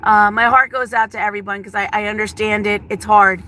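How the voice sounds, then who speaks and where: A woman's voice: mid-range voice, fairly even intonation, fairly quick, slight background noise. A middle-aged woman, a schoolteacher, chatting casually on a live stream from her car, reading viewer comments aloud with frequent laughs and fillers. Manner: chatty and warm, laughs often, many fillers. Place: inside a car.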